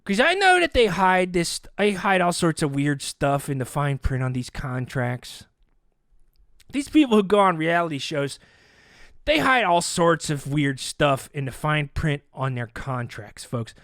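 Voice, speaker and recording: A man's voice: on the high side, unhurried, no echo. Podcast host guy spinning a funny story, acts out the voices, dry close sound. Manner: animated, acts out quoted voices. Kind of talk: comedic storytelling.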